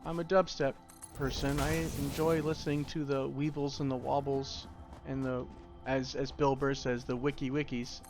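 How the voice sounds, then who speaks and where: A man's voice: mid-range voice, little pitch movement, moderate pace, a little mellow, soft background music. A young man giving casual, rambling tutorial commentary while playing a factory-building game, with self-deprecating asides. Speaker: gaming YouTuber.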